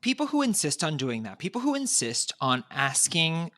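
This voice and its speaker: A man's voice: a little high, wildly swooping pitch, moderate pace, a bit bright. A man co-hosting a podcast in casual chat, blunt and given to crude jokes. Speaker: podcast co-host.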